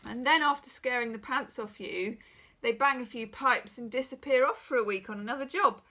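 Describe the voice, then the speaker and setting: A woman's voice: a little high, moderate pace, pushed and bright. A middle-aged woman who is losing her voice, giving a frank, chatty private tarot reading full of reassuring asides. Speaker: tarot reader.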